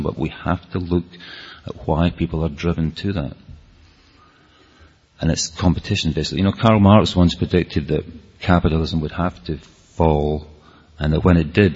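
The speaker, a Scottish man, has a darkish bass voice that's slightly rough. He gives an audience an earnest, wandering talk with many restarted sentences, and the hall recording sounds dull and lo-fi.

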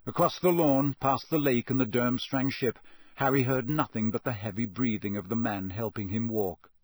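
Husky male audiobook narrator. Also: mid-range voice, dry recording, studio quality. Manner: measured, steady storytelling.

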